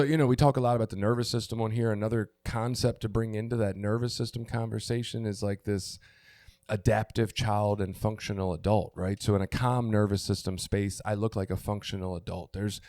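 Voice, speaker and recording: A middle-aged man talks candidly on a recovery podcast in a gravelly, mellow voice that sits a little low. He gropes for words, restarts, and swears casually. The sound is dry and close. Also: no room sound. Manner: open, searching, stops and restarts, swears. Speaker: podcast co-host.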